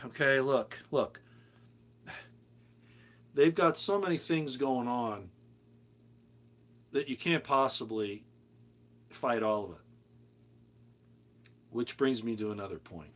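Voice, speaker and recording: An older man speaks in a rambling, storytelling way, swinging from loud, pressing emphasis down to soft, muttered asides. He sounds like he's talking straight to his viewers. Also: mid-range voice. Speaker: video commentator. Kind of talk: casual monologue to viewers.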